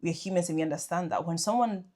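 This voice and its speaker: A woman's voice: lowish voice, quick pace, dark tone. Encouraging young woman podcast host. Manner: encouraging, reflective, frequent affirming murmurs. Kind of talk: casual faith conversation.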